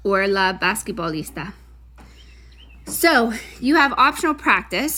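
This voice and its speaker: A woman's voice: medium pitch, fairly bright tone. A woman Spanish teacher giving a recorded lesson, chatty, correcting herself, with Spanish terms mixed into her English.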